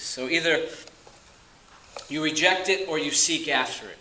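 A man preaching a sermon, earnest and emphatic, stressing key phrases slowly and dropping to quiet asides. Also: fairly high pitch, reverberant, a little hiss or hum, poor audio.

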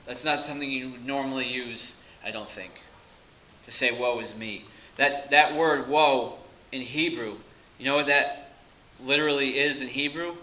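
A man's voice: medium pitch, fairly even intonation, normal speed, bright, forceful tone, rough recording. A man preaching a sermon, earnest and emphatic, often repeating words for weight. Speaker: pastor.

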